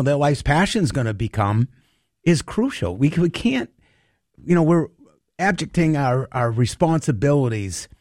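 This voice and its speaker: A man's voice: medium pitch, darkish tone, no echo. Earnest folksy man, dry sound. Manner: earnest, emphatic, folksy, often says "you know". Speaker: interviewee, trades advocate. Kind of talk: conversational interview.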